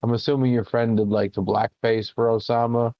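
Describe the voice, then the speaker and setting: A man's voice: medium pitch, flat delivery, brisk, no echo, lo-fi sound. A man co-hosting a casual comedy podcast, swearing freely and laughing often. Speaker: podcast co-host.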